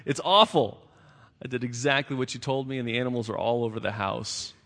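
A man's voice: mid-range voice, fairly even intonation, fast talker, creaky, fairly bright tone. A man voicing a desperate poor father who pleads and wails his complaints. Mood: pleading. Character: poor desperate middle-aged father at his wits' end. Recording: long reverb of a large hall.

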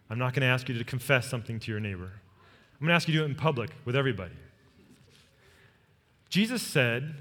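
A man preaching a sermon as pastor, telling a personal story with earnest warmth and leading the congregation in repeated phrases. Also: medium pitch. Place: church sanctuary. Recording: long reverb of a large hall.

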